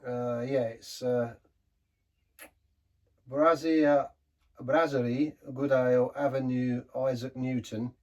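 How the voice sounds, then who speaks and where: A man's voice: mid-range voice, little pitch movement, measured pace, few pauses, dark tone, dull audio. A man from England rambling through a casual beer review, self-mocking and repeating his words, laughing often. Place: pub.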